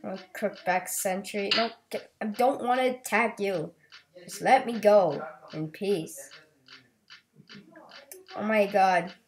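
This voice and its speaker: A woman narrating her own gameplay in a let's play video, chatty and quick to exclaim at whatever appears on screen. She talks at an unhurried, drawn-out pace in a mid-range voice, playful and easily excited. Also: medium pitch. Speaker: gaming video host.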